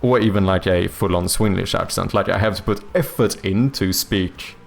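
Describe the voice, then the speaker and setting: A Swedish man speaks English with an accent that leans British, and his voice sits a little low with a gravelly edge. He chats loosely with his stream, full of "like" and restarts. Faint music plays behind him. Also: moderate pace. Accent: Swedish speaker leaning toward a British accent. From Sweden. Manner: rambling, chatty, many fillers and restarts. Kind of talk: casual livestream chat, reading and answering chat.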